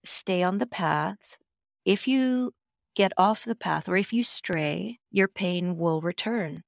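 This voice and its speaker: A solemn, unseen spirit voice speaks slowly and softly, low in tone with a gravelly edge, as a woman retells its words. It sounds close and dry, with no room around it. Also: no echo. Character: calm disembodied spirit voice giving guidance.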